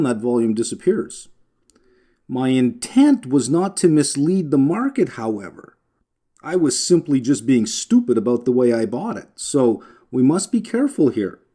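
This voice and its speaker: Male lecturer, warm low-key tone, chatty explanations with filler words and dry humor. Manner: conversational, frequent filler words and restarts, wry asides. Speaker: finance instructor. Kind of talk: recorded lecture.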